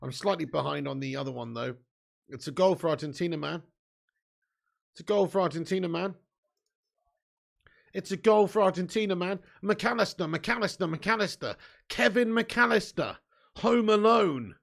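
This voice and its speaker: A young man hosting a live football watch-along, joking and swearing, breaking into shouts when chances come. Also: high-pitched, normal speed, vocal fry, pauses often. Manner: banter-filled, swearing, jokey, bursts into shouts at chances.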